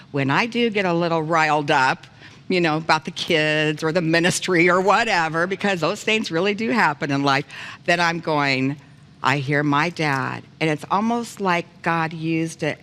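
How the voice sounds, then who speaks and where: A woman hosting a talk show, telling a personal story in an animated, laughing way. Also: low voice, in a large hall.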